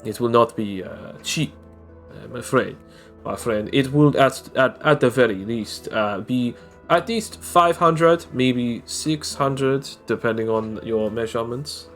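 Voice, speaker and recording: A man voicing a haughty male shopkeeper with a put-on foreign accent, speaking formally and condescendingly with halting pauses. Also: medium pitch, fairly bright tone, soft background music.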